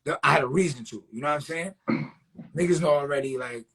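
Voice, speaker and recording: A man's voice: a little high, fast talker, fairly bright tone, slightly rough. A man, a graffiti writer, telling street stories in a loose, profane, streetwise way during a casual interview. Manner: loose, profane, streetwise, peppered with "you know what I'm saying".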